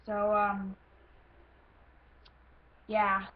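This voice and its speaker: A woman's voice: medium pitch, completely flat delivery, extremely slow. Self-conscious American woman auditioning. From United States. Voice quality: self-conscious, rambling, with frequent ums. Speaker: voice actor auditioning. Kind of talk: casual casting-call audition. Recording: lo-fi with faint hiss.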